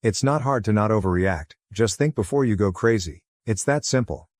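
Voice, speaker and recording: A sarcastic, scornful young girlfriend, read by a male narrator mocks her partner in a low voice lifted slightly higher. The delivery is cutting and dismissive, and the sound is close and dry. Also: expressive, moderate pace, no echo, lightly acted. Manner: sarcastic, mocking.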